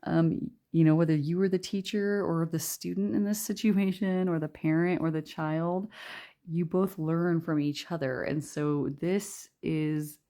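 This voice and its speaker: Low, mellow-voiced woman reading tarot. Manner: rambling and chatty, many fillers, reads card messages aloud. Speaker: tarot reader. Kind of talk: casual pick-a-card tarot reading.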